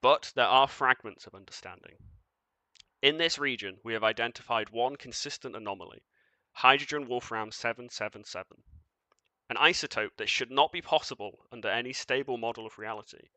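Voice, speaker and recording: A man voicing a cold, commanding being of shifting light in a tabletop game, speaking in measured, formal pronouncements. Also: mid-range voice, pushed and bright, no room sound, close to an everyday voice.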